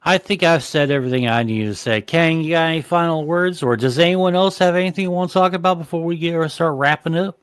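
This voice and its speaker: A man's voice: on the high side, fast talker, hardly any pauses, clear, resonant tone, dry recording. Swearing, rambling podcast host guy. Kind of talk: casual podcast chat.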